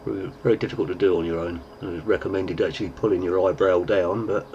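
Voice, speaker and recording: A deep-voiced man, chatting casually through a makeup tutorial with plenty of fillers. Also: steady tone, fast talker, warm tone, lo-fi sound, slight background noise. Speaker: lookalike performer giving a tutorial.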